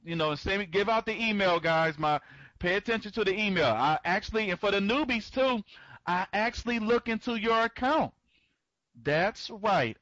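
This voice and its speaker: This fairly high-voiced man runs a live webinar for an online members' conference, welcoming arrivals by name while he rambles and repeats points. He stammers and restarts frequently. His tone is fairly bright, but the recording sounds dull, lo-fi, dry, and close-miked.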